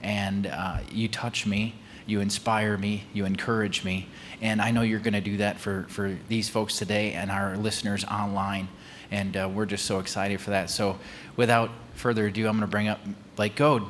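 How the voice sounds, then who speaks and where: Low, monotone man introducing a speaker, encouraging tone. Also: moderate pace, slight background noise. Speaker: church host introducing speaker.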